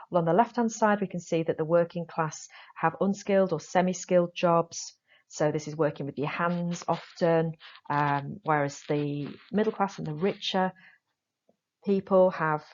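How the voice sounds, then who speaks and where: Low-voiced woman teaching a lesson. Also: muffled recording. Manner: explanatory, lively emphasis on key points. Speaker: drama teacher. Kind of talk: recorded classroom lesson.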